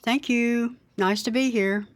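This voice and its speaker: Casting: interview guest woman, slow and clear, smooth voice. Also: a little high, fairly even intonation. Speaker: guest musician. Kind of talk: interview answers.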